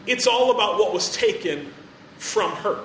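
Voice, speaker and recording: A man's voice: sits high, lively intonation, a little slow, fairly bright tone, reverberant, recorded from a distance, a little hiss or hum, rough recording. A man preaching a sermon in a chatty, joking storytelling way, full of fillers.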